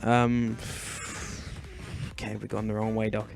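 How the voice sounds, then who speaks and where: A man's voice: monotone, slow, gravelly, a little mellow, faint music behind. Doting, fretful young man gaming. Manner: chatty, fretful and doting, often bursting into high shrieks. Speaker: gaming channel host. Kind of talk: Minecraft let's play commentary.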